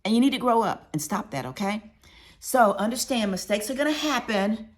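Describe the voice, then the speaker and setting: A woman author shares workplace stories in a conversational audiobook, speaking directly to her listeners with emphasis. Her voice sits on the high side and moves at a normal speed as she offers workplace advice.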